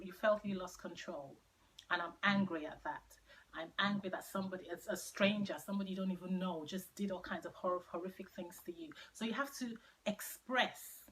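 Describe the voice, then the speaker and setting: A woman's voice: on the low side, a bit bright, low-quality recording. A middle-aged woman giving an earnest faith-based teaching talk, repeating key phrases for emphasis and sinking to near-whispers on painful words. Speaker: Christian speaker sharing her testimony.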